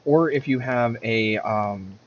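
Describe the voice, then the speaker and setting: A man's voice: mid-range voice, slow, muffled recording, slight background noise. Rambling man commentating his gameplay. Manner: rambling, self-correcting, mutters at the game. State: has the hiccups.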